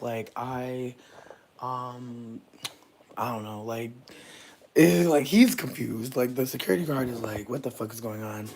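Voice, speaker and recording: A man telling an emotional storytime to his viewers, profane and rambling, full of fillers. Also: medium pitch. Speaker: vlogger. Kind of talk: candid storytime rant.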